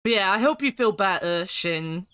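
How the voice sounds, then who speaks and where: A woman streaming an adventure game, chatting casually, joking and swearing now and then, with a hoarse morning voice. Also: mid-range voice, animated, normal speed, fairly bright tone, no room sound, clean studio sound. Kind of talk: casual gameplay commentary.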